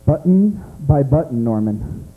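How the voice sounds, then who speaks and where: A man's voice: mid-range voice, lively intonation, measured pace, narrow, tinny audio. An American man doing stand-up comedy in a small club, teasing audience members by name in a brash way. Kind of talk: stand-up comedy set with crowd work.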